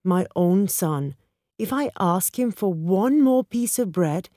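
A woman's voice: medium pitch, lively intonation, slow pace, warm tone, no room sound, clean studio sound. A woman reading a storybook voicing a frail, bitter old father whose voice breaks as he complains. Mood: aggrieved. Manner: aggrieved, pleading, voice breaking.

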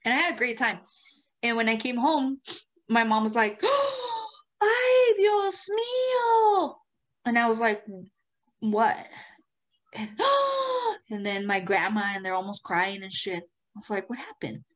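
A woman's voice: a little high, normal speed, long pauses. A woman co-hosting a podcast, telling stories in a casual, profane, laugh-filled chat. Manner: animated, profane storytelling with frequent laughter. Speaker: podcast co-host.

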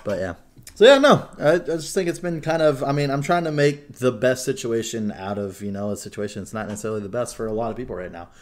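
A young man hosting a podcast in casual chat, an animated storyteller who swears freely. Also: medium pitch, quick pace. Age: young adult. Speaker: podcast host.

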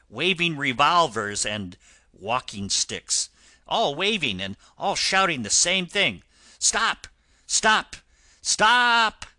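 A man's voice: mid-range voice, pushed and bright, dry recording, full character voice. A man voicing a stern but kind-hearted engine driver who talks firmly in an audiobook reading. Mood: urgent. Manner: firm, instructing. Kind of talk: audiobook character voice.

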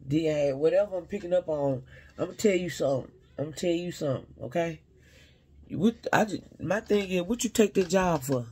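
A man's voice: a little high, fairly quick, darkish tone, husky. A man giving a casual spiritual reading to his viewers, rambling and talking straight to them while often second-guessing his own words.

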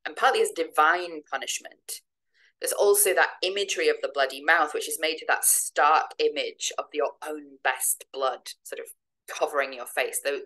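A woman giving a measured, explanatory academic lecture, now and then reading poetry dramatically. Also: deep voice, fairly bright tone, rough recording.

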